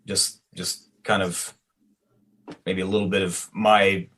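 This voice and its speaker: A man in the band, talking in a hesitant, soft-spoken way in a casual interview. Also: deep voice, level tone, takes it slowly. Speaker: band member.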